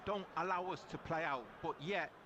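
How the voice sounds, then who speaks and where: A man's voice: on the high side, normal speed, noisy background. A man chatting as a co-commentator, giving a supporter's match analysis and leaning on "you know" a lot. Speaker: co-commentator and fan pundit.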